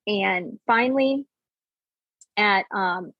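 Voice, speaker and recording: A woman in her forties shares her own story in a loose, animated way, slipping in "like" again and again and acting out the voices of the people around her. Her voice sits at an ordinary middle pitch. The sound is dry and close, with no room around it. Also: extremely slow, dry recording, highs cut off. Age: 40s. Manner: animated, acts out quoted dialogue, many "like" fillers. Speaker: podcast guest. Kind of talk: casual personal storytelling.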